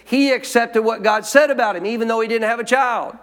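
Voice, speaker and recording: A man's voice: extremely high pitch, brisk, fairly bright tone. A male pastor preaching a sermon in a church, emphatic, calling out to the congregation for responses. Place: church sanctuary. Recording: long hall reverb.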